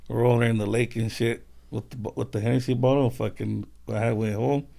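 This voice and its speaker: A man's voice: mid-range voice, steady tone, fairly quick, creaky, mellow. A man chatting as a podcast guest, laid-back, rambling and profane. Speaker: guest, host's cousin. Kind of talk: casual chat.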